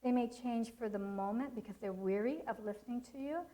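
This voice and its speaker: A woman's voice: a little high, a little fast, mellow, low-quality recording. A middle-aged woman giving a parenting seminar, telling stories and teaching in an earnest way. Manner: earnest, storytelling with acted quotes. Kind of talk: seminar talk with personal stories.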